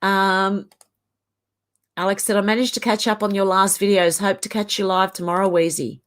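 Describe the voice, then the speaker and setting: A woman's voice: medium pitch, steady tone, moderate pace, a bit bright. An Australian woman in her fifties, hosting a casual live stream and chatting as she reads viewer comments aloud.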